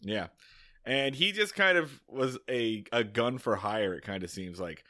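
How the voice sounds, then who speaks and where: A man on a comedy podcast with a lively, bouncing pitch and a bright, sharp edge. He jokes dryly, teases, and drops casual swears, recorded close and dry. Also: measured pace, no room sound. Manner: sarcastic, joking banter with swearing. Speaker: podcast co-host.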